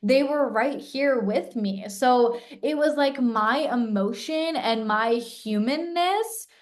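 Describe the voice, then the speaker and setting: A woman's voice: on the high side, slow pace. A young woman co-hosting a podcast in casual chat, talking with lots of "like" fillers and acting out what others said. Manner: chatty, many "like" fillers, acts out quoted voices. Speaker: podcast co-host.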